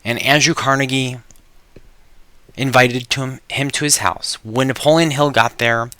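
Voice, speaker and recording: Pushy, bright-voiced sales presenter man. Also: medium pitch, fairly even intonation, measured pace, no room sound. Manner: emphatic, pushy, dramatic storyteller. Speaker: webinar presenter. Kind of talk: sales pitch storytelling.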